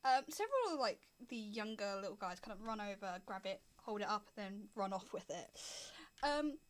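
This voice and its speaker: A woman narrating as the game master of a tabletop game, relaxed and chatty, with frequent fillers. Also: mid-range voice, moderate pace.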